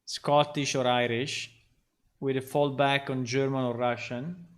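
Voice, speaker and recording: Male game developer, casual stream chat, slow rambling delivery with plenty of fillers. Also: mid-range voice, flat delivery. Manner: rambling and thinking aloud, many ums and restarts. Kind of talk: casual livestream talk while working.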